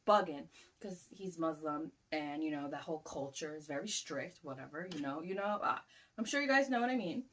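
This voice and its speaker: A woman's voice: medium pitch, lively intonation, moderate pace, a bit bright. A woman in her twenties casually recounting a story, with loose, profane talk full of "like". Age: 20s. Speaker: vlogger.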